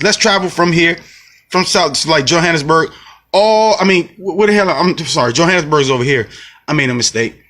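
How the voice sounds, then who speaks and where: A vlogger from the United States rants heatedly in a casual vlog, swearing often and repeating himself as he explains his point. His voice is fairly high, pushed and bright.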